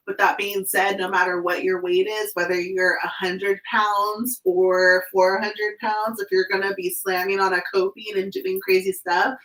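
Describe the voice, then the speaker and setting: A woman's voice: medium pitch, flat delivery, unhurried, hardly any pauses, a bit bright. A woman from California hosting a casual skate chat, upbeat and full of "like". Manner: chatty, upbeat, says "like" constantly. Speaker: skate channel host. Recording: roomy sound, distant from the mic.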